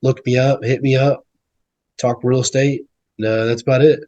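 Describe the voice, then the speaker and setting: A man's voice: medium pitch, steady tone, moderate pace, dark tone, lo-fi sound. A male guest, a real estate investor, telling stories casually and rambling, repeating words and acting out what people said. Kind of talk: casual storytelling.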